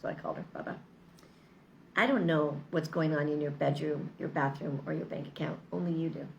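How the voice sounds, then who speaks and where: Woman, low gravelly voice, chatty motivational vlog, faint noise behind. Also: steady tone, brisk, darkish tone, muffled recording. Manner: chatty, upbeat, persuasive. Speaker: vlogger. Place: lives in Mexico.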